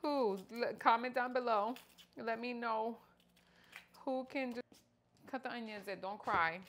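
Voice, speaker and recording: A woman's voice: a little high, measured pace, fairly bright tone. A middle-aged woman chatting playfully to her viewers while she cooks in her home kitchen, with joking asides. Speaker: lifestyle vlogger. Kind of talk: casual cook-along vlog chat. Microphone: wireless clip-on mic.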